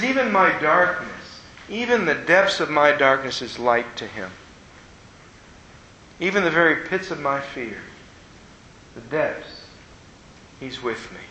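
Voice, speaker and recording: A man preaching a conversational sermon, telling stories with animation and playful asides to his listeners. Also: bright, forceful tone. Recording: echoey room with faint rumble.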